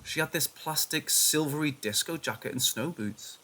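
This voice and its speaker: A man reading a first-person horror story aloud in a hushed, tense manner. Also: a little high, normal speed. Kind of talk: scripted horror story narration.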